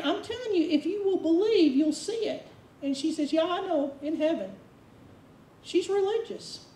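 A woman preacher delivering a sermon in a conversational, emphatic manner. Her voice is high and warm. It echoes through a roomy space from a distant mic. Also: a little hiss or hum. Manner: conversational, emphatic, acts out quotes.

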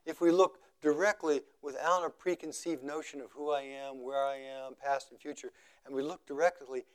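Calm male meditation teacher, trailing off softly. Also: mid-range voice, clean tone. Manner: slow, measured, repeating phrases for emphasis; voice often trailing off quietly at phrase ends. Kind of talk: contemplative dharma talk.

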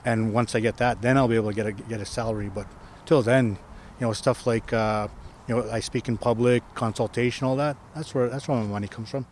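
A man's voice: medium pitch, steady tone, brisk, a little mellow, a little hiss or hum. A man who is a First Nation chief, telling a story in a casual interview outdoors, rambling with many restarts and tag questions. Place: outdoors on a hill.

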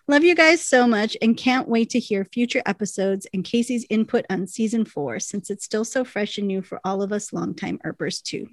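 A woman's voice: medium pitch, animated, moderate pace, few pauses, dry recording, clean studio sound. A British woman co-hosting a casual podcast, reading listener emails aloud and laughing often. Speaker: podcast co-host.

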